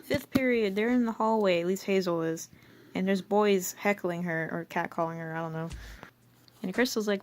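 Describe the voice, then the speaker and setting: A woman's voice: mid-range voice, moderate pace, a little hiss or hum. A young woman rambling through her old comic with self-mocking casual commentary.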